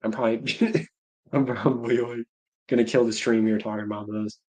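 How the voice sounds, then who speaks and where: A man's voice: medium pitch, fairly even intonation, normal speed, a little mellow. Man, 30s, livestream host, casual rambling chat, lots of restarts. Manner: rambling, self-interrupting, laughing to himself.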